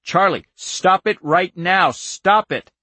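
Man reading as a panicked father, hoarse and husky, shouting high and strained, close and dry. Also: expressive, slow, no echo, full character voice. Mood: frantic. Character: desperate adult father shouting a warning.

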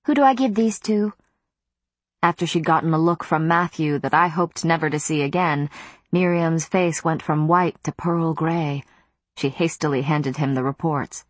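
A woman narrating an audiobook in the first person, measured and even, on a close studio mic. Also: deep voice, no room sound.

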